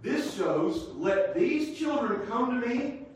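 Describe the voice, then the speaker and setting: Male preacher, high voice, emphatic, shouts then drops low; distant mic, big echoey sanctuary. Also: very animated, slow pace, a little hiss or hum. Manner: emphatic, swings between shouting and quiet teaching. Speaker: pastor. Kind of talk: sermon. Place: church sanctuary. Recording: echoey church hall from far off.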